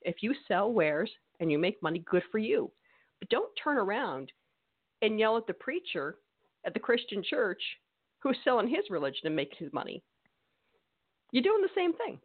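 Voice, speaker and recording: A woman's voice: medium pitch, sing-song, moderate pace, husky, dry recording. A woman co-hosting a podcast, talking in an emphatic, scolding, opinionated way, with the odd laugh. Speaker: podcast co-host. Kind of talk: opinionated casual chat. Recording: tinny phone-like sound.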